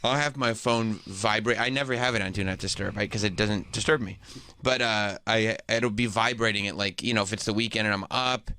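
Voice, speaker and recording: Bright, jokey American radio host. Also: male voice, lowish voice, fairly even intonation, clean tone, no echo. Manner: jokey, quick to laugh and riff. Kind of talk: casual studio talk. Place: radio studio. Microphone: studio mic.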